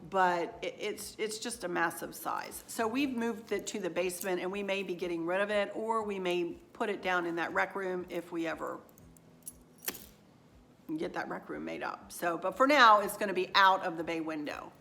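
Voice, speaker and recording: A woman's voice: on the low side, normal speed, gravelly, sharp tone. A middle-aged woman chatting in a rambling, folksy way as she shows home decor finds. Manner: rambling, folksy, self-deprecating, talks straight to viewers. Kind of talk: casual chatty shopping haul. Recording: echoey room.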